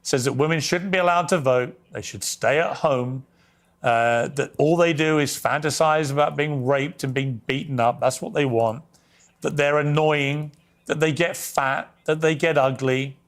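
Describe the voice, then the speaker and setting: A man's voice: a little high, steady tone, unhurried. A man interviewing a guest, pressing him with pointed, confrontational questions.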